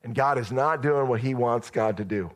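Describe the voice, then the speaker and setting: A man preaching a sermon as pastor, in an easy, conversational way. His voice sits at a middle pitch and he tells the story directly to his church. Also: moderate pace.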